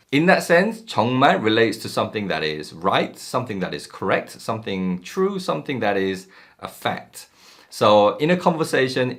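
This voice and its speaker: A man teaching a language lesson in a relaxed, casual way, with many ums and uhs, acting out short example phrases. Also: sits low.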